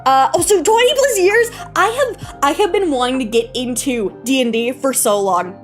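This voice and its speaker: A young woman streamer chatting casually with her live chat, bubbly and giggly, greeting viewers warmly. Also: high-pitched, lively intonation, moderate pace. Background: faint background music.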